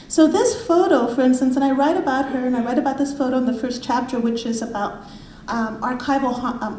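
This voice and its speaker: A middle-aged woman speaks fairly high with a mellow, unforced tone, presenting her book at a library talk. She tells her story with animation and slips into the voices of the people she quotes. The room rings with echo and a faint hum of ambience sits behind her. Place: university library event room.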